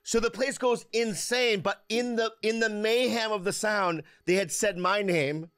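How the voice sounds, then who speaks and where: Man, excitable, playful, high voice, dry sound. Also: unhurried, smooth, no room sound. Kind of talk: casual comedic chat.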